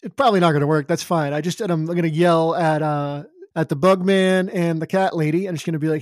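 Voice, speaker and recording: Playful high-voiced man playing a tabletop game. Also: fairly even intonation, fast talker, few pauses, no room sound, studio quality. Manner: playful, rambling, hesitant. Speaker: player. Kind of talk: casual tabletop play.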